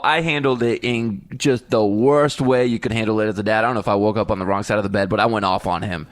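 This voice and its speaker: A man co-hosting a parenting podcast, a father who tells stories in an animated way. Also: lowish voice, quick pace, few pauses, no room sound, studio quality. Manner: animated storyteller, jumps into voices when quoting. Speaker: podcast co-host. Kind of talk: casual chat.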